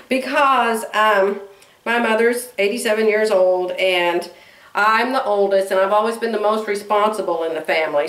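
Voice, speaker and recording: A woman's voice: fairly high pitch, fairly bright tone, reverberant. A woman in her sixties chatting casually to camera in a rambling way, laughing often as she talks. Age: 60s. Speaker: vlogger.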